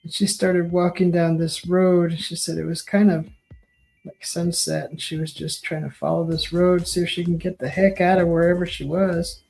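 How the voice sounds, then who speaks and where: Mellow-voiced woman telling a rambling story. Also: on the low side, little pitch movement, gravelly, faint music behind, poor audio. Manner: rambling, halting, with frequent restarts and fillers. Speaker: painting host. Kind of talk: casual storytelling while painting.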